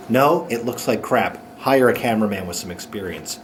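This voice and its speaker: A man hosting his own comedy show, ranting sarcastically with quick mocking asides. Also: medium pitch, slight background noise. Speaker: host. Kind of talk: sarcastic comic monologue.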